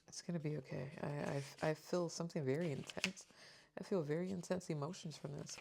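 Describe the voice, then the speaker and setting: A woman's voice: sits low, brisk, vocal fry, darkish tone. A woman giving a tarot reading to her viewers, talking earnestly and reading out card meanings. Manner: earnest, emotional, repeats reassurances; reads card descriptions aloud. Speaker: tarot reader.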